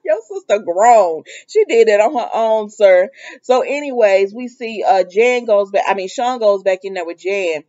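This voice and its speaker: A woman's voice: medium pitch, lively intonation, normal speed, a little mellow, dull audio. A woman casually recapping a soap opera episode, animatedly acting out the characters' lines and laughing often as she goes. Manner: laughs often while talking.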